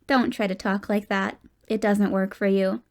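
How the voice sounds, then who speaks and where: A woman's voice: medium pitch, steady tone, normal speed, lightly acted. A woman narrating a guarded, grieving teenage boy who speaks in clipped lines that break into choked whispers. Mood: teasing.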